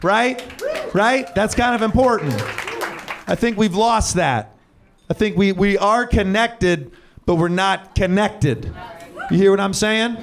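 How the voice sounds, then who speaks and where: A man in his forties doing improvised stand-up on a club stage, animated and self-mocking, jumping into high mock shouts. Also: gravelly. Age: 40s. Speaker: stand-up comedian. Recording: crowd noise from live audience. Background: audience laughing.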